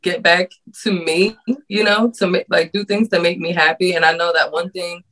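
A woman's voice: lowish voice, steady tone, moderate pace, fairly bright tone, low-quality recording. A woman guest on a podcast who creates content, talking in a casual, earnest and heartfelt way, laughing often.

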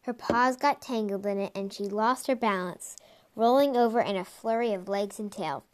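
A woman narrating a storybook in a soft, even reading voice, with the odd slip. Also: medium pitch, normal speed. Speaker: audiobook reader.

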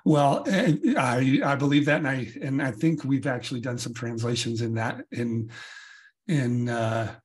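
An American man hosts a relaxed interview podcast at an ordinary middle pitch. He talks affably, often agreeing with his guest and laughing along. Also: a little slow. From United States. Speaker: podcast host. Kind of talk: casual interview chat.

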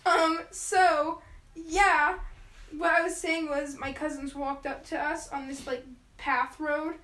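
A woman with a high, bright voice chats casually with a friend. She tells her stories in a giggly way, peppered with "like". The recording has a noticeable roomy echo. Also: flat delivery, slow. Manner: storytelling, giggly, lots of "like". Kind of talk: casual chat between friends.

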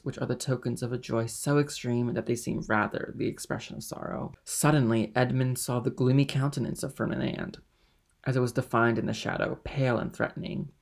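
A man reading a classic novel aloud in measured, steady narration. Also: mid-range voice, vocal fry. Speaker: audiobook reader. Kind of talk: audiobook narration.

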